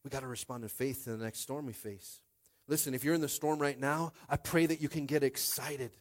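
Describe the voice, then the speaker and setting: A young man preaching a sermon as pastor, conversational and animated, calling out to the congregation. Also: mid-range voice, fairly quick.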